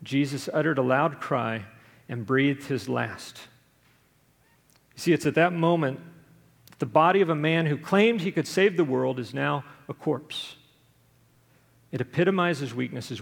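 A man's voice: medium pitch, unhurried, vocal fry. A man preaching a sermon as pastor, earnest, telling a story and acting out the quoted voices. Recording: long hall reverb.

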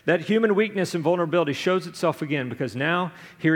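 A man's voice: a little high, fast, few pauses. A man preaching a sermon as pastor, earnest, telling a story and acting out the quoted voices. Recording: long hall reverb.

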